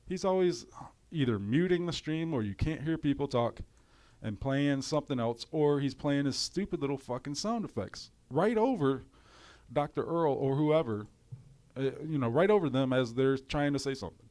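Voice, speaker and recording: A man with a runny nose rants on a livestream from his home in cold weather, profane and exasperated. The commentator's medium-pitched voice is animated and darkish, at normal speed.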